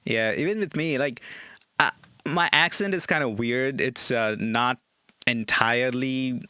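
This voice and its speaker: A man with an Indian accent and Hindi as his first language, talking in a relaxed, chatty way on a podcast. His voice is bright and smooth, set at a middle pitch, and he breaks into laughter often and restarts words as he goes. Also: unhurried, no room sound. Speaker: guest comedian. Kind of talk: casual podcast chat.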